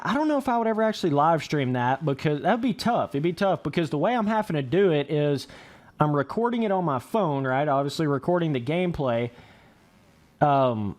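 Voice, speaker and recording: Laid-back young man streaming a game. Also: fairly high pitch. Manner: laid-back, rambling, swears freely. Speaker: gaming livestreamer. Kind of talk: casual livestream commentary.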